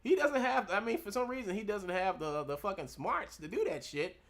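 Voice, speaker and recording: A man's voice: high-pitched, expressive, normal speed. A young man ranting casually from home as a streamer, mocking someone, laughing often and swearing a lot. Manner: mimics others in a loud put-on voice. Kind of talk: casual rant.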